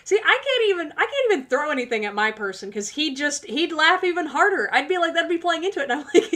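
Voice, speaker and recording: A tarot reader and livestream host talks right at her audience, sassy, casual, and quick to laugh. Her high voice is animated and sharp-toned, running a little fast with hardly any pauses.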